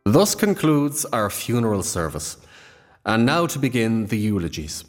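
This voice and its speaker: An actor playing a solemn priest leading a funeral in a formal, ceremonial manner. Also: male voice, on the low side, big pitch swings, a little slow, big-room sound, soft background music.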